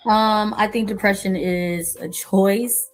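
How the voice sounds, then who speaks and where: Female panelist, flat and low, hesitant answer. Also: takes it slowly. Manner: hesitant, with ums. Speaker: podcast panelist. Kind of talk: casual chat.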